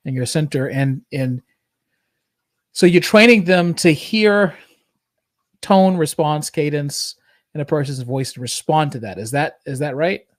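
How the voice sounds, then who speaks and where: A man's voice: on the high side, dry recording, studio quality. A man hosting a business podcast who asks questions hesitantly and repeats words as he frames them. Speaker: podcast host. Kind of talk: interview questions.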